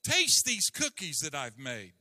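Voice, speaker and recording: An excited storybook toad who can't stop eating cookies, as a man reads him aloud. The voice sits high and whines eagerly, with a bright edge. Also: a little slow, no echo, studio quality, in a large hall, exaggerated voice.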